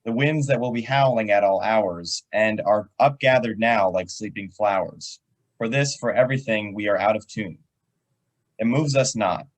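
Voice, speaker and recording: A man's voice: lowish voice, moderate pace, low-quality recording. Male student reading a poem aloud. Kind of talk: poetry reading. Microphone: video call.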